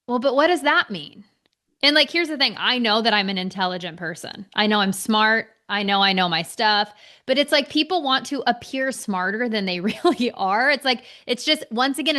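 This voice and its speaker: A woman's voice: a little high, sharp tone. A woman co-hosting a business podcast in casual chat, blunt and outspoken, swearing freely. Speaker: podcast co-host, business coach.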